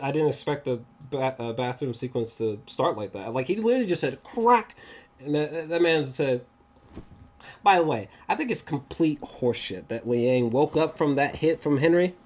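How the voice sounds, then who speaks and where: Excitable rambling man reviewing a film. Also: medium pitch. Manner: excitable, rambling, laughs often, slangy. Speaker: movie reviewer. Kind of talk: casual movie review.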